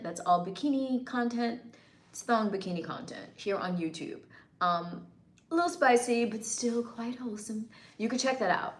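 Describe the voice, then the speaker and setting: A woman's voice: medium pitch, roomy sound. A woman from the northeastern United States hosting a livestream, chatting with viewers and teasing them playfully. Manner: playful, teasing, laughs often. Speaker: livestream host. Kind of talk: casual livestream chat reading comments.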